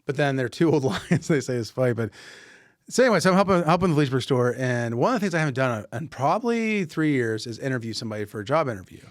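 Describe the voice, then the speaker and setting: A man's voice: medium pitch, fast talker, dry recording, studio quality. A man hosting a podcast, telling a story casually and acting out the dialogue, often restarting his sentences. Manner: animated anecdote-telling, acting out quoted dialogue with many restarts. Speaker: podcast host.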